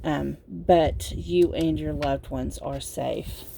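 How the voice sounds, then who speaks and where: A sleepy woman giving a casual pick-a-card tarot reading, talking in a slow, meandering way with lots of fillers. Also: deep voice, fairly even intonation, vocal fry, warm tone, slight background noise. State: sleepy, yawning. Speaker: tarot reader.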